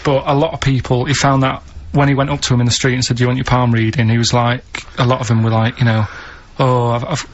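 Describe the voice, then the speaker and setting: A man telling odd stories on a radio talk show, deadpan and halting, with lots of pauses and restarts. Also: medium pitch, a little hiss or hum. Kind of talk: casual radio banter. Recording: muffled radio broadcast recording.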